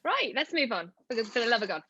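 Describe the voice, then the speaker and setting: A Welsh woman hosting a live comedy panel show, teasing the guests and handing out points in brisk banter. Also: on the high side, big pitch swings, pushed and bright, a little hiss or hum.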